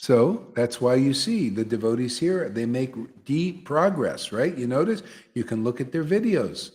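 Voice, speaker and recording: A man's voice: mid-range voice, lively intonation, a little slow, darkish tone. A man teaching a devotional gathering, repeating phrases and often asking "see?". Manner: repetitive, emphatic, asks listeners "see?". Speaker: spiritual teacher leading satsang.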